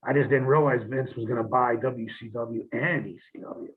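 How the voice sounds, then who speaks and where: The recording has a tinny, phone-line quality as a former pro wrestler swaps blunt, profane stories in a shoot interview, playing out old arguments. He speaks at a moderate pace in a mid-range voice with fairly even intonation.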